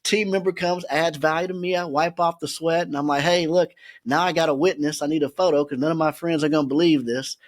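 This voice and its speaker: A man who is a podcast guest, telling a story in a lively way and often laughing as he talks. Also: fairly high pitch, a little fast. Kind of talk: animated storytelling.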